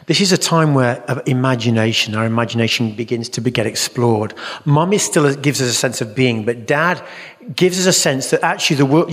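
Earnest middle-aged male Christian teacher, animated storyteller, recorded in a reverberant hall. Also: medium pitch, breathy edge. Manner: earnest, acts out voices in stories. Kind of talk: teaching talk at a church conference.

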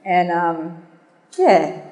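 A woman's voice: lowish voice, very animated, drawn-out words, darkish tone. A woman giving a religious talk with a spoken prayer, earnest and a little nervous, with many fillers. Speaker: guest speaker. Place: hall. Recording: echoey hall.

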